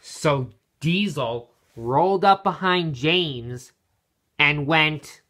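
A man's voice: a little high, extremely slow, sharp tone. A man casually narrating a toy-train story, correcting himself and adding playful asides.

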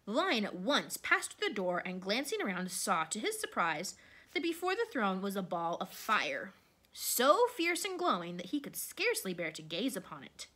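A woman reading a children's storybook aloud with expressive delivery. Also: moderate pace. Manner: expressive, varies pitch. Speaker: narrator.

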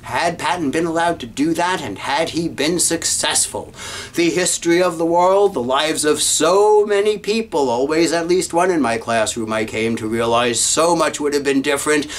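A man's voice: a little high, moderate pace. An American man in his sixties giving a classroom lecture, emphatic and repetitive as he tells stories. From United States. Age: 60s. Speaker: college lecturer.

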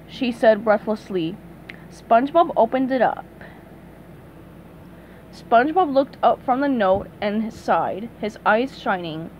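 A woman reading a children's storybook aloud with an expressive storytelling manner. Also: a little high, measured pace, slight background noise, rough recording. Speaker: storybook reader.

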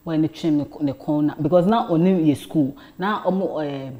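A woman guest on a talk show, telling a personal story in an animated way and dropping to a hush at times. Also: deep voice, moderate pace, crowd noise. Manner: animated storyteller, drops to a hush for quoted lines.

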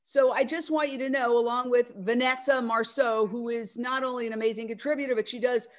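A middle-aged woman speaking on a video call, loud, animated and emphatic, with a rousing tone. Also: fairly high pitch, fairly quick. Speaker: media network founder speaking at an online event. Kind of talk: casual speech on a video call.

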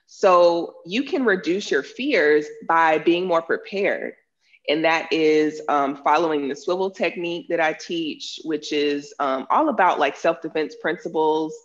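The speaker, a self-defense teacher and author, gives earnest, explanatory answers in an interview, peppered with fillers. Her voice is low and unhurried, and the recording is muffled.

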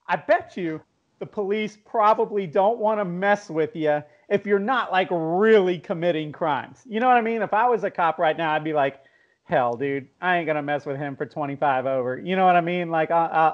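A man's voice: high-pitched, normal speed, lo-fi sound. A man co-hosting a podcast, chatting in a joking, self-mocking way and laughing a lot. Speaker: podcast co-host. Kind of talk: casual chat.

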